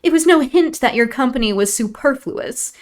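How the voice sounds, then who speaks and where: A woman reading aloud, voicing a proud, sharp-tongued young lady of the house in a raised, emphatic voice. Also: sits high, animated, normal speed, voice pushed up. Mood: scornful. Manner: scornful, emphatic.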